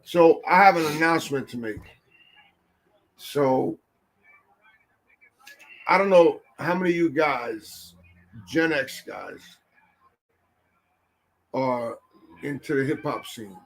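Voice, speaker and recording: Gravelly, boisterous male podcast host. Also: on the high side, low-quality recording. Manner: loud, boisterous and profane. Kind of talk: casual podcast chat.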